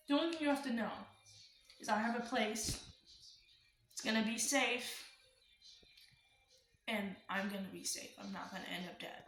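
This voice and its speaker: A woman's voice: a little high, moderate pace, pauses often, fairly bright tone, slight background noise. Chatty young woman in a roomy room. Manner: chatty, many "like" fillers. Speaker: vlogger telling a personal story. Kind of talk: casual storytime. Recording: roomy room with faint music.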